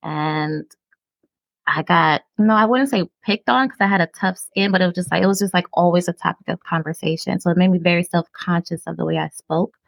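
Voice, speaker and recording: A woman's voice: on the low side, brisk, gravelly, no room sound, poor audio. A woman from Brooklyn, New York, co-hosting a podcast and telling candid personal stories in a casual, filler-laden way. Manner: candid, storytelling with frequent fillers. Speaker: podcast co-host. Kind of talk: casual conversation on mental health.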